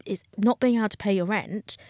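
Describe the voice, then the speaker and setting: A woman's voice: mid-range voice, a little fast, darkish tone, no room sound. Frank woman, dry close sound. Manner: frank, emotional, acts out quoted voices. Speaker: dating coach, podcast guest. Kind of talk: candid interview talk.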